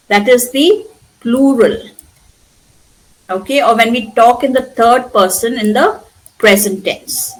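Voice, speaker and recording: A woman with an Indian English accent teaching a spoken English lesson, patiently repeating words slowly for her students. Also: a little high, fairly bright tone, poor audio. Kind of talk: classroom pronunciation lesson.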